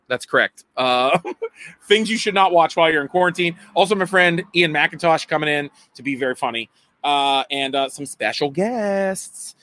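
Guy vlogging at home, kinda high voice, rambly, keeps laughing at himself. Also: pushed and bright, no room sound. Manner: rambling, self-correcting, laughs often. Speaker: comedian and vlog host. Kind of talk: casual daily video chat.

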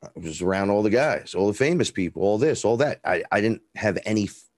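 Speaking briskly with a lively lilt, this fairly low-voiced interview guest rambles through a story in a thick Bronx accent. He's profane and direct, voicing the other characters' lines himself, all captured in a dry recording.

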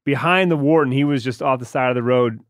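A man, a regular on a podcast, telling an anecdote in animated casual chat. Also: mid-range voice, fast talker, no room sound, clean studio sound. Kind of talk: casual storytelling.

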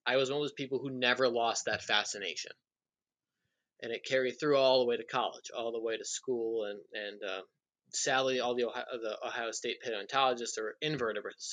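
Man, young adult, bright tone, enthusiastic, explanatory, casual chat. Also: mid-range voice. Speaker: podcast guest.

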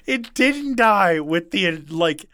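This man has a bright, pushy voice heard close and dry, with no room sound. He tells stories in a loose, chatty way, laughs a lot, and pitches way up when he quotes someone. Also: slow, clean tone, no echo. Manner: animated, laughing, acts out quotes in a shrill voice. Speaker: podcast co-host. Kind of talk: casual storytelling chat.

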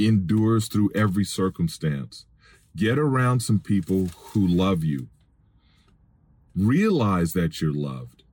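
A man's voice: deep voice, lively intonation, slow, a little mellow. A middle-aged man hosting a Christian podcast from his vehicle, preaching in an earnest, pleading way and raising his voice for emphasis. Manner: earnest, pleading, rises to raised emphatic appeals. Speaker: podcast host and Christian minister.

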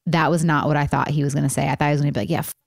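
Woman podcast host, low voice, dry close mic, candid and rambling with lots of fillers. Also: flat delivery, racing, vocal fry, no room sound. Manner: rambling, many fillers and restarts. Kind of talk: candid casual chat.

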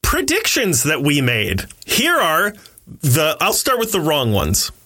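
A young man with a bright, forceful voice, reviewing a film in a loose, joking podcast chat. His delivery is animated and he laughs easily. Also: on the high side, slow. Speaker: podcast co-host. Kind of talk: casual movie review chat.

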